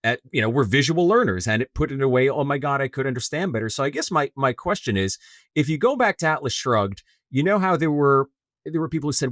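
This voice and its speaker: A man's voice: medium pitch, lively intonation, fast, a bit bright, no echo, clean studio sound. A man co-hosting an interview, asking long, friendly, enthusiastic questions. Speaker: co-host interviewer. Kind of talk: casual interview conversation.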